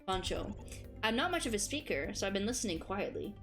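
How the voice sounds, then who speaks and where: A woman's voice: medium pitch, very animated, fairly quick, fairly bright tone, soft background music. A woman voicing a stubborn, terse male master chef who talks bluntly. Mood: earnest.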